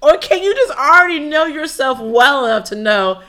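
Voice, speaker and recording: A woman's voice: high-pitched, expressive, moderate pace, a bit bright. A woman co-hosting a casual podcast, reacting expressively and laughing often. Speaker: podcast co-host. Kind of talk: casual chat.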